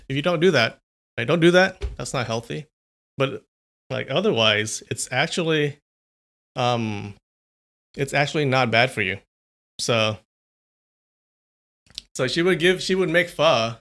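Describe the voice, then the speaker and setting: Chatty young man with a gravelly voice. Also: mid-range voice, a bit bright. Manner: chatty, rambling, answers chat. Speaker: streamer. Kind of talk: casual live-stream chat.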